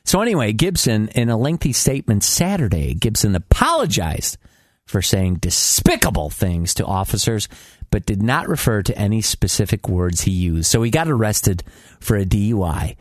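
A man's voice: fairly low pitch, moderate pace, dry recording, studio quality. A man hosting a talk radio show, reading celebrity news aloud and joking around with a co-host. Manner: animated, joking, laughs often.

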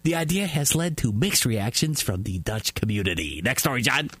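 A man's voice: mid-range voice, animated, moderate pace. A man anchoring a spoof news segment, reading stories in an exaggerated newsreader manner and laughing at his own jokes. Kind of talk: mock news reading with banter.

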